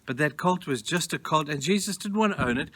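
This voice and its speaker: A man giving a short daily devotional talk as pastor, gentle, earnest and reflective, slowing down and softening on key phrases. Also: a little high, animated.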